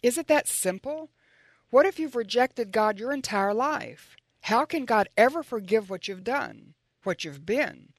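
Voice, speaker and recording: A woman's voice: fairly high pitch, lively intonation, unhurried, dry recording. A woman giving a closing devotional word, earnest and questioning as she pleads with the listener.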